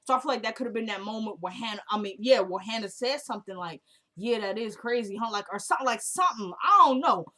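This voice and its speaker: A woman's voice: a little high, expressive, fast talker, bright, forceful tone. A woman recapping a TV episode in casual chat, emphatic and repeating herself as she retells scenes.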